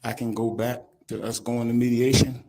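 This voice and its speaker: A man, crying as he gives an emotional, halting victim statement at a courtroom podium microphone. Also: medium pitch, little pitch movement, a little mellow. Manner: emotional, halting, breaks off mid-sentence.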